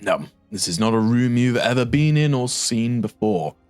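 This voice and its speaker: A man, narrating a tabletop game as game master in slow, descriptive storytelling. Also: mid-range voice, animated, a little mellow, dry recording, faint music behind.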